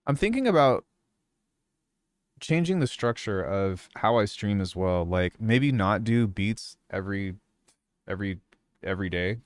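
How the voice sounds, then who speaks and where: A young man talking loosely to his stream audience, meandering with lots of fillers. His mid-range voice is smooth and clear. The sound is close and dry, with no echo. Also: lowish voice, unhurried, long pauses. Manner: relaxed, rambling, many fillers. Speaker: music producer streamer. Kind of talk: casual live-stream chat.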